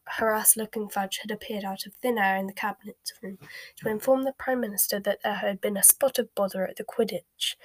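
A woman narrates a storybook in a soft, breathy whisper of middling pitch. The sound is dry and close, with no room around it. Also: no room sound. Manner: soft, mostly unvoiced whisper.

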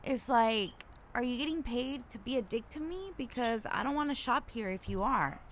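A woman ranting casually and bluntly, swearing freely and rambling with many fillers, getting loud and indignant as she retells a conflict. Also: fairly high pitch, expressive, moderate pace, a little hiss or hum. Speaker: podcaster.

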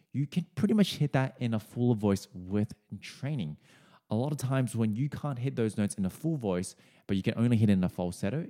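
A male singing coach talks viewers through a song's vocal choices in a somewhat low voice. His delivery is friendly and explanatory, loosened with casual fillers. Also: dark tone.

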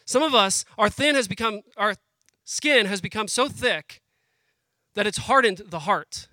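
With lively intonation and no room sound, a high, sharp-voiced man in his thirties delivers a sermon as guest speaker at a family worship program. Earnest and conversational, he addresses the crowd as "guys," his emotion near the surface, pausing and restarting as he goes.

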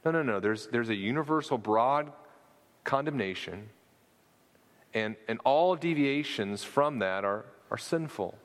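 Male preacher, mid-pitched, earnest and argumentative, echoing in a hall. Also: lively intonation, a little slow. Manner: earnest, argumentative, with frequent restarts and repeated words. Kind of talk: sermon.

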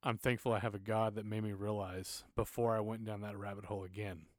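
A man's voice: on the low side, flat delivery, brisk, dry recording, clean studio sound. A man in his thirties, a church music minister, telling personal stories in a casual podcast chat, earnest and at times emotional.

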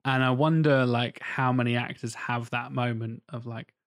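A man's voice: medium pitch, steady tone, moderate pace. A man chatting casually on a podcast, rambling and swearing while acting out quotes.

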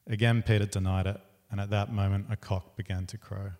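A man reading scripture aloud in a plain, unhurried way. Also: lowish voice, level tone, darkish tone. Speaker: scripture reader.

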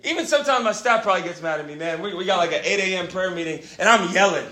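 Young male preacher, casual slang, high voice, echoey room. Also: very fast. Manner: animated, swings between quiet asides and shouting; casual slang, calls listeners bro and man. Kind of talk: energetic sermon. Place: church gathering hall.

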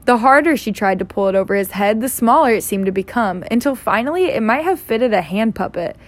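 A woman's voice: on the high side, expressive, a little fast. A woman reading a children's novel aloud in a casual way, with slips and self-corrections. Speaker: reader.

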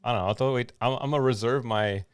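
A man co-hosting a podcast, chatting casually about new movies in a relaxed, conversational way. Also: mid-range voice, very fast, clear, resonant tone, no room sound. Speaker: podcast co-host.

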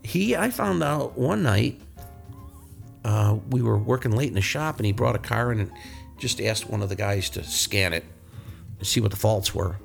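Low-voiced, blunt, swearing mechanic. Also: male voice, expressive, moderate pace, gravelly, faint music behind. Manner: blunt and profane, rambling anecdotes. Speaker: podcast host, auto mechanic. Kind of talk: casual podcast storytelling.

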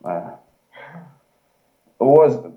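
A man interviewing a guest, halting and searching for words. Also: medium pitch, expressive, phone-quality sound.

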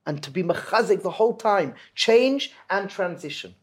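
Man guest, animated storyteller, wide pitch swings. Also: moderate pace, husky. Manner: animated, swings from hushed to loud.

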